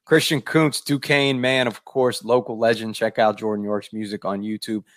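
A man co-hosting a sports podcast, relaxed as he wraps up with thanks to the guests. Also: lowish voice, normal speed, no echo, clean studio sound. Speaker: podcast co-host. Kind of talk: casual sports chat.

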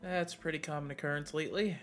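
A man playing in a tabletop game, making dry, quick remarks to the game master. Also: on the high side, steady tone, a bit bright, faint music behind. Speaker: player. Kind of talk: casual tabletop game play.

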